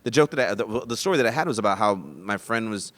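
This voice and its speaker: A man hosting a podcast in casual chat, telling rambling stories full of restarts and fillers, getting loud and high-pitched when excited. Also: quick pace. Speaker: podcast host. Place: comedy club.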